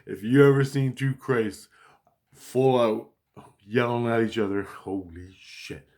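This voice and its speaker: A man telling a personal story in a casual, rambling monologue, excitable and profane, repeating his exclamations. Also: mid-range voice, a little slow.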